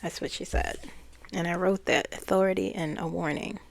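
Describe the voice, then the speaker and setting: A woman who reads cards and channels spirits, talking in a slow, hesitant way as she recounts messages. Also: fairly low pitch, fairly even intonation, vocal fry, a little hiss or hum. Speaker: spiritual channeler and card reader. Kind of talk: casual spiritual chat.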